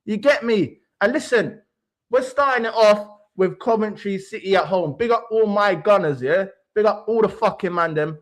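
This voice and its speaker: A man's voice: high-pitched, normal speed. A young man hosting a livestream, ranting brashly about football with swaggering street slang. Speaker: livestream host. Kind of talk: heated fan rant.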